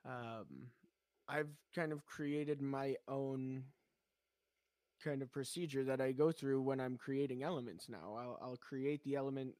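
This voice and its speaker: A man's voice: medium pitch, a little slow, darkish tone, no echo. A man chatting casually on a podcast, rambling with many fillers while he explains how he works. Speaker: podcast host and animator.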